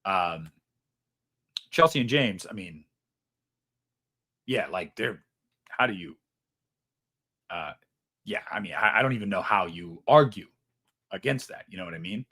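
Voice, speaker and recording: Animated, rambling male stream host. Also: deep voice, measured pace, pauses often, husky. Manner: rambling, animated, swears casually, self-mocking. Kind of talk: casual live stream chat, reading super chats.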